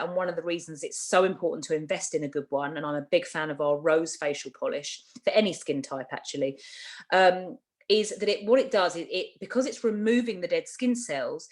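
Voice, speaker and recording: A woman from Britain with a slightly low voice runs a skincare training session. She talks in a chatty, emphatic way, stressing key points and going back over them so nobody misses them. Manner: chatty, emphatic, repeats herself for clarity. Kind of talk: training talk.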